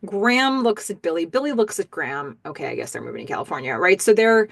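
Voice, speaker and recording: A woman podcast host giving a casual episode recap in an animated, chatty way with many ums. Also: on the low side, fast, vocal fry, no room sound.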